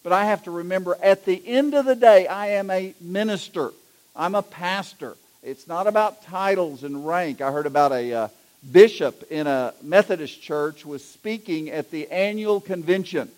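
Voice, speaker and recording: A man's voice: sits high, normal speed. A middle-aged man, an executive pastor, preaching a sermon in a folksy, storytelling way. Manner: folksy, anecdotal, animated when telling jokes.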